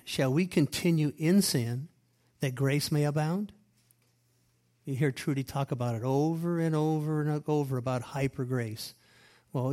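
A man preaching a sermon, reading scripture aloud and explaining it with emphatic repeated phrases, loud stresses and quiet asides. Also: mid-range voice. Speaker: pastor.

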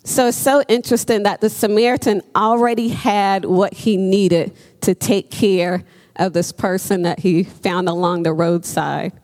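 A woman's voice: mid-range voice, steady tone, a little slow, darkish tone, in a large hall. A woman preaching a sermon in an earnest, emphatic way, with frequent ums as she speaks.

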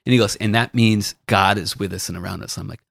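A man's voice: fairly low pitch, fairly even intonation, fast talker, creaky, fairly bright tone, dry recording, clean studio sound. A man co-hosting a caddie podcast, telling a long story in casual chat, mimicking the people he describes and laughing often.

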